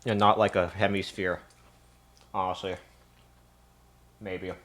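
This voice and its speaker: A man's voice: low-pitched, flat delivery, slow, fairly bright tone. A man streaming live from a home kitchen, winded and tired. He rambles to his viewers and swears often. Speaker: livestreamer. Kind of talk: casual live-stream chat.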